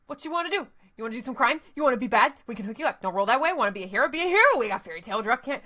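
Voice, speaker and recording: A woman's voice: medium pitch, brisk, pushed and bright, lightly acted. A woman voicing a pushy male street dealer in a video game, with a vaguely Australian twang. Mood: hustling.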